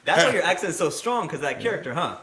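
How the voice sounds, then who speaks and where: A man hosting a casual interview, joking and giving quick affirmations. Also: a little high, very animated, a bit bright. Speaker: host. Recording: echoey room.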